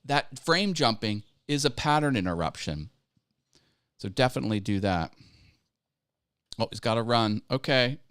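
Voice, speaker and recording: Casting: a man as a chatty live-stream coach, mid-pitched, smooth voice, dry close sound. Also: expressive, normal speed, pauses often, a bit bright, no echo. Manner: upbeat, chatty, laughs easily, thanks viewers. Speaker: YouTube coaching livestream host. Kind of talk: casual live-stream teaching and Q&A.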